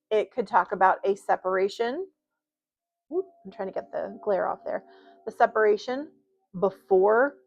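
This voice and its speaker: A woman's voice: medium pitch, highs cut off. A woman giving a casual spoken tarot reading, chatty and rambling, with many fillers and asides. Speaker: tarot reader.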